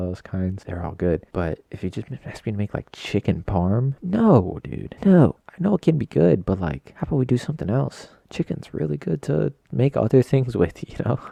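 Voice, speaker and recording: A young man with a low, gravelly voice hosts a solo podcast from his home computer. He rambles casually, tossing in slang and self-deprecating jokes. His tone is very dark and mellow, and the recording is dry and close. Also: dry recording. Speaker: podcast host.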